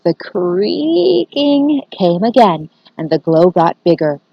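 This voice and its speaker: Low-voiced teacher reading aloud. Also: female voice, takes it slowly, creaky, dry recording, muffled recording. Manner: expressive read-aloud to children. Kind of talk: reading a children's book aloud.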